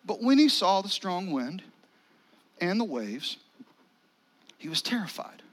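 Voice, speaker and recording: A male pastor, preaching a sermon in a conversational style with dramatic pauses and near-whispers. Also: high voice, big pitch swings.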